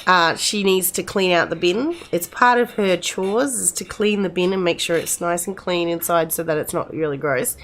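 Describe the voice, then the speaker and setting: A woman's voice: fairly low pitch, normal speed, hardly any pauses, fairly bright tone, a little hiss or hum. A middle-aged woman commenting casually on a game, chatty and rambling, speaking to the characters as if they were friends. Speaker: gamer playing and commenting.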